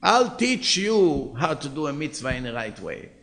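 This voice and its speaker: A man voicing an angry, hurried male taxi driver who shouts in exasperation. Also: a little high, very animated, creaky, heavily acted. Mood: spiteful.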